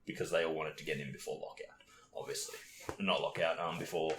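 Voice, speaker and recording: Speaking fairly quickly with fairly even intonation, this podcast co-host has a bass voice. The young man laughs often, curses, and imitates the people in the stories he tells in casual conversation, in a room with echo and faint noise.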